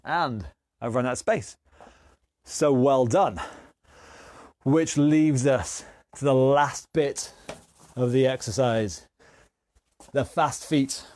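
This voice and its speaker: A man's voice: medium pitch, takes it slowly, long pauses, a little mellow, no echo. A man leading a live online exercise class, encouraging and chatty, counting down moves and a little out of breath. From England. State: a bit out of breath. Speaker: fitness instructor.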